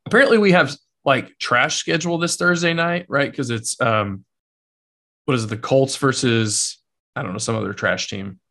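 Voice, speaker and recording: Casual male co-host, relaxed and profane, filler-heavy chatter about sports and drinks. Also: medium pitch, normal speed, vocal fry. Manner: laid-back, profane, uses lots of fillers like "like" and "man". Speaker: podcast co-host. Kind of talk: casual chat about sports and whiskey tasting.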